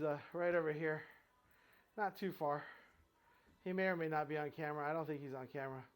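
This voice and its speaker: A man's voice: a little high, vocal fry. Winded man counting workout reps. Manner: counts reps aloud, rambling and self-correcting. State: out of breath. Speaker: fitness vlogger. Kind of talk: casual workout commentary. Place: home floor workout with his dog nearby.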